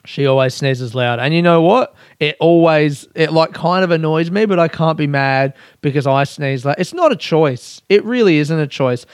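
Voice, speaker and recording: A man's voice: fairly high pitch, moderate pace, few pauses, clean tone, no room sound, clean studio sound. A man hosting a solo podcast, chatting casually and joking at his own expense, often laughing. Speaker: podcast host.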